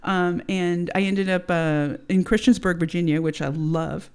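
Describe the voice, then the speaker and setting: A woman's voice: lowish voice, fairly even intonation, a little slow, a little mellow, smooth. A woman in her thirties from the United States, casually recounting a personal story with lots of fillers, swearing and "right?". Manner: casual, profane, many fillers and rhetorical "right?". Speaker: podcast guest telling her story. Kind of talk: candid storytelling chat.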